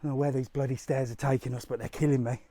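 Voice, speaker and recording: A man's voice: medium pitch, little pitch movement, fast, mellow. A middle-aged man on a live walking vlog outdoors, chatting to viewers and getting out of breath on the stairs. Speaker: travel vlogger. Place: outdoors on a hillside walk.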